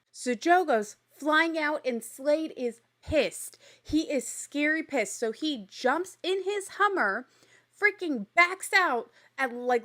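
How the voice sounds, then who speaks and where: A woman hosting a recap show, telling the story in a chatty, blunt way with casual swearing and animated exasperation. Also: sits high. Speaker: podcast host recapping a reality show.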